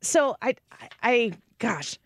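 A woman's voice: on the high side, big pitch swings, slow, gravelly. A woman co-hosting a radio talk show, chatting casually and giving opinionated takes with wry asides. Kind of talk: casual chat. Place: radio studio.

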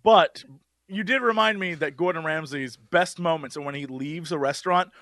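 A man's voice: a little high, normal speed, a bit bright, dry recording, clean studio sound. A man co-hosting a podcast, chatting casually and acting out quotes in big voices. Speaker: podcast co-host. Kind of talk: casual chat.

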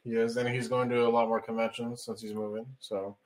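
A man's voice: medium pitch, level tone, brisk, poor audio. A man co-hosting a podcast, answering in a laid-back, dry way with short replies. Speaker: podcast co-host. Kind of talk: casual chat.

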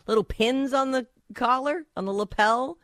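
A woman co-hosting a casual chat, animated and chatty as she tells stories. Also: high-pitched, moderate pace, dry recording, clean studio sound. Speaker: podcast co-host.

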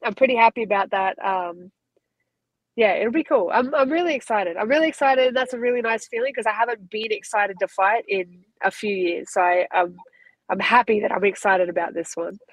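A woman's voice: medium pitch, brisk, dry recording, low-quality recording. An Australian woman in her thirties, a guest fighter chatting casually in an interview, rambling and upbeat.

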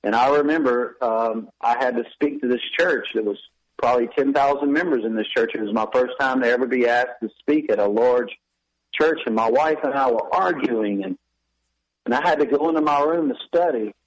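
A man's voice: medium pitch, moderate pace, poor audio. A man, a pastor and author, telling a candid, confessional personal story in a radio interview with wry self-deprecating humor.

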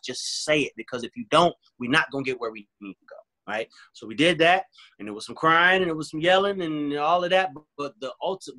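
A man's voice: fairly high pitch, bright, forceful tone. A man guest in a candid interview, talking earnestly and acting out both sides of an argument as he tells it.

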